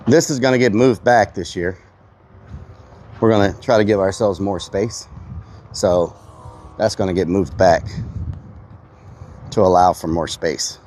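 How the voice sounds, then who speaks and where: A man's voice: deep voice, unhurried, pauses often, a little mellow, slight background noise. Breathless man streaming outdoors. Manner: chatty, answers chat, mild exclamations. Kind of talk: casual live-stream chat. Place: outdoors on a windy property.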